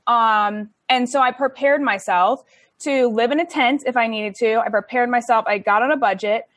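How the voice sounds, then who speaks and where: A woman's voice: on the high side, normal speed, fairly bright tone, no echo, clean studio sound. A young woman telling her story in a chatty, casual way, with many likes and ums and laughs between phrases. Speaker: interview guest.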